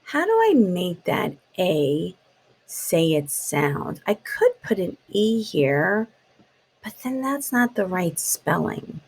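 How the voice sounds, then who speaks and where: A woman teaching phonics to small children, drawing each sound out and walking them through the letters one step at a time. She speaks slowly in a low voice with a gravelly, husky edge. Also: sing-song, darkish tone, rough recording. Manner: slow, sounds out letters and taps words. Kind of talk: phonics lesson for young children.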